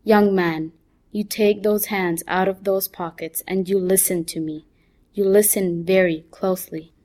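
A woman voicing a stern, steady-voiced mother. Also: mid-range voice, close to an everyday voice. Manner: calm, steady, firm and measured. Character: stern, controlled middle-aged mother lecturing her son.

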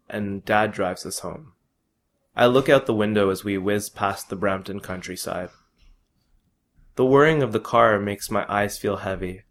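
A man reading his own first-person story aloud in a measured, plain way. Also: on the low side.

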